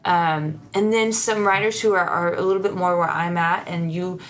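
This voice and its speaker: Casting: lower-voiced woman songwriter, relaxed interview chat, earnest, quick to laugh. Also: a little hiss or hum. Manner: laughs often, warm and candid, with frequent restarts; earnest and encouraging. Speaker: songwriter guest.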